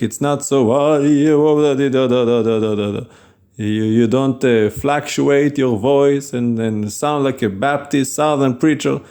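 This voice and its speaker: A man's voice: medium pitch, dark tone. A man preaching an informal sermon in an earnest, plain-spoken, conversational way.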